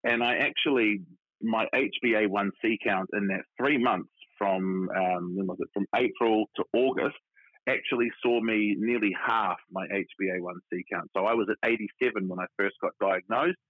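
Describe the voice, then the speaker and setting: A man's voice: on the low side, moderate pace, husky, dry recording. A man, telling his own story frankly and chattily as an interview guest. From New Zealand. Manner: frank, chatty, many restarts. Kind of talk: casual personal storytelling. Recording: tinny phone line, dry.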